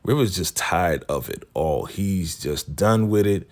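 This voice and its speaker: A man's voice: low-pitched, measured pace. A man hosting a casual TV recap, talking conversationally and acting out the scenes. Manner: animated, conversational, acts out scenes. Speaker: recap host.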